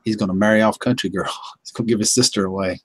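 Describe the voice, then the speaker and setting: A man's voice: lowish voice, fairly even intonation, quick pace, husky, no echo. A man hosting a casual home livestream, chuckling often and greeting chat viewers by name. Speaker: livestream host.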